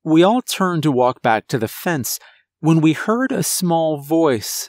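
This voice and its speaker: A man narrating a first-person horror story in a measured, tense way, over faint music. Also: on the high side, lively intonation.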